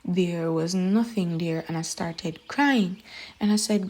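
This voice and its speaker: A young woman recounts her faith testimony, earnest and halting, pausing often and filling gaps with small fillers. Her voice sits a little low for a woman. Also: a little mellow. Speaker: testimony speaker.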